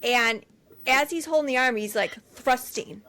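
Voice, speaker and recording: Woman podcast co-host, slightly higher voice, chatty scene-by-scene storyteller. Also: unhurried. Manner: animated retelling with quoted lines, frequent fillers and laughs. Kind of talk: casual movie recap chat.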